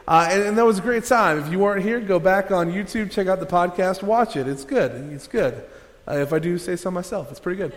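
A male pastor with a fairly high voice delivers a sermon casually and with humor, addressing his congregation directly and drawing them into small exercises. The large hall gives his voice a long, ringing echo.

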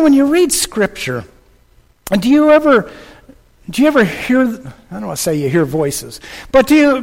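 Impassioned preacher, high lively voice. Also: male voice, big-room sound. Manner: impassioned, repeats phrases, swings between loud and hushed. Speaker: pastor. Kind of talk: sermon.

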